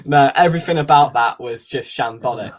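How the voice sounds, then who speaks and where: Bloke, podcast host, casual rambling football chat. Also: male voice, medium pitch, fairly quick. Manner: chatty, rambling storyteller.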